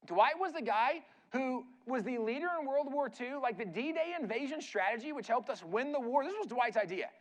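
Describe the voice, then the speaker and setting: A man's voice: extremely high pitch, expressive, normal speed, hardly any pauses. A man speaking as a guest preacher in a church, telling a story in a casual, conversational way with frequent "like" and "right?" asides.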